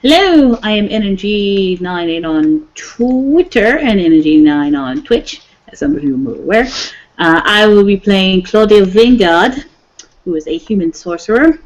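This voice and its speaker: A woman's voice: mid-range voice, expressive, unhurried, muffled recording. A woman introducing herself as a player in a tabletop game, talking casually.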